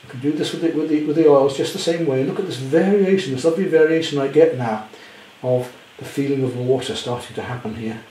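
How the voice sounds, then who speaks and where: Mellow-voiced man teaching painting. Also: fairly high pitch, quick pace, hardly any pauses, reverberant, slight background noise, rough recording. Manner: chatty, gentle self-deprecating humour. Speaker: art teacher. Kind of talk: painting demonstration. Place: indoor studio at home.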